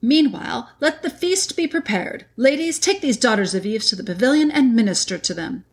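A woman reading aloud, voicing a majestic male lion king who is calm and solemn, in a slow, grave way. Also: fairly high pitch, voice pushed up. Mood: solemn, kind.

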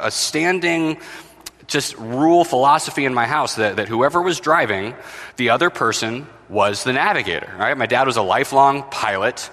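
Pastor, 30s, bright, forceful voice, storytelling sermon, long church reverb. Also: male voice, mid-range voice. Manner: storytelling with acted-out quotes, self-deprecating. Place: church sanctuary.

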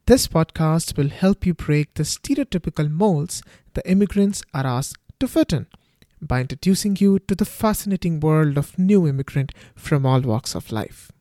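A man with an Indian accent giving a scripted introduction to his podcast as its host, in a steady, rehearsed delivery. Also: on the high side, normal speed, no echo, clean studio sound. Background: faint guitar music.

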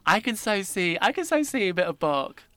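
A man's voice: high-pitched, very animated, brisk, pushed and bright, dry recording. A man hosting an interview podcast, chatting enthusiastically about theatre with his guest. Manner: enthusiastic, gushing fan talk. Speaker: podcast host. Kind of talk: casual interview chat.

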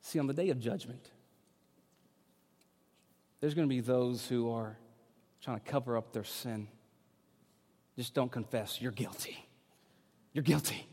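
A man's voice: mid-range voice, normal speed, pauses often. Man preaching in a reverberant church. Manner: swings from loud, urgent preaching to relaxed, joking storytelling. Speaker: pastor. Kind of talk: sermon. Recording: long hall reverb.

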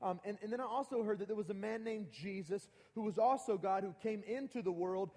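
An energetic male pastor in his thirties with a high voice, talking loosely and warmly to a big church crowd in call-and-response. His voice rings out with a long reverb tail in a large hall. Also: a little fast. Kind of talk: sermon.

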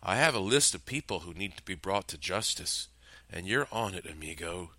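A man voicing a calm, fatherly male killer who speaks slowly and easily in a low voice. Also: no room sound.

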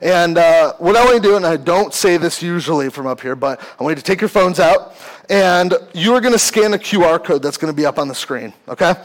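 A man's voice: on the high side, brisk, low-quality recording. A young man giving a casual sermon to a youth group from a church stage, talking conversationally with lots of fillers. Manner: conversational, uses many fillers like "like". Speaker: youth pastor. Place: church hall, speaking from a stage.

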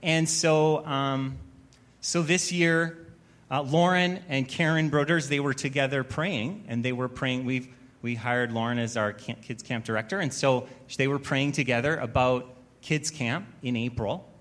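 In an unhurried, medium-pitched voice with fairly even intonation, a pastor tells a story during his sermon. His humor is wry and self-mocking, and he builds toward louder, emphatic preaching.

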